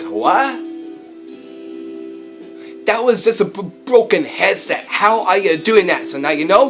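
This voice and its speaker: A man hosting a prank tutorial, explaining with enthusiasm and plenty of fillers as he shows his props. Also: a little high. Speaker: magic and prank video host. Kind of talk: how-to demonstration.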